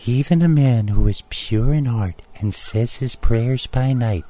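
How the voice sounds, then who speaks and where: Casting: teasing wife reciting a werewolf verse, slow and solemn, read by a man. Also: medium pitch, mellow, slight background noise, lightly acted. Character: teasing wife, playful then spooky.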